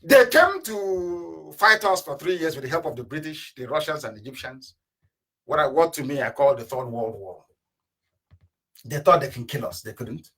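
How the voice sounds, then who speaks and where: A man giving an impassioned political radio address, with rhetorical questions and sudden bursts of shouting. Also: on the high side, lively intonation, normal speed, husky. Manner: fiery, rhetorical, mocking laughter, sudden shouts and drops. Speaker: radio broadcaster. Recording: live internet radio broadcast.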